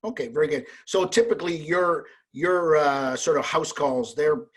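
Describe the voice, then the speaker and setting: A man hosts a relaxed interview, asking friendly questions that wander and restart. His voice is somewhat husky and pitched a little high for a man. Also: moderate pace. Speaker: host. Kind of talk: casual interview.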